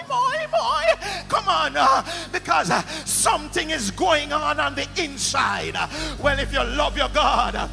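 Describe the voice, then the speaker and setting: A man with a Jamaican accent preaching a fiery sermon, shouting and exhorting the congregation, breaking into song. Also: extremely high pitch, vocal fry. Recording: music playing loudly behind.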